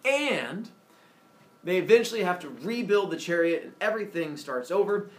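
A male teacher retelling a myth to his class in a playful, animated storytelling style, with asides to the students. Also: high-pitched, moderate pace. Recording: echoey room, far from the mic.

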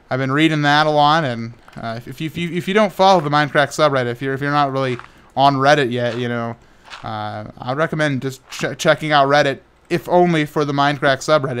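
Young male gaming host, clear smooth voice, stammers and restarts often, sounds tired, tosses in silly sound effects. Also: medium pitch, a bit bright. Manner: rambling, frequent stammered restarts. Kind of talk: casual talk while playing Minecraft.

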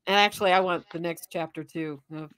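A woman's voice: lowish voice, fairly even intonation, fairly quick, fairly bright tone, clean tone, dry recording. A woman on a panel video call, chatting casually and laughing easily.

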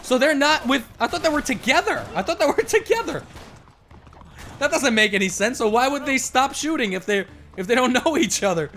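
Excitable man doing lively game commentary. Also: extremely high pitch, a little fast. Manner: excitable, loud outbursts and cursing. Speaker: gaming commentator. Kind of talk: casual let's-play commentary.

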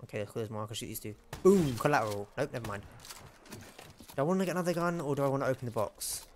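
A man's voice: mid-range voice, lively intonation, rapid-fire, slight background noise. A young man giving casual, self-mocking gameplay commentary and chatting to the enemies. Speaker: gamer.

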